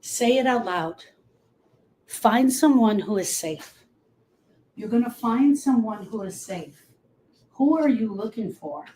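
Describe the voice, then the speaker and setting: A woman's voice: on the high side, lively intonation, slow pace, long pauses, warm tone, slight background noise, rough recording. A woman grief coach talking listeners through coping tools, repeating key phrases for emphasis. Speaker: grief coach and podcast host. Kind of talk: coaching talk to camera.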